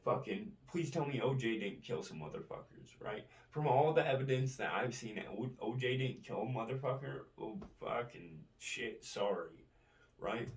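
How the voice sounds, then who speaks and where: A man's voice: medium pitch, expressive, moderate pace. A man vlogging in a profane, rambling monologue, tagging his lines with "right?". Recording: roomy, distant from the mic.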